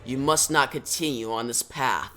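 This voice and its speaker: A man's voice: mid-range voice, normal speed, sharp tone, lightly acted. A man voicing a stern, disapproving male wandering spirit who delivers grave accusations in a comic reading.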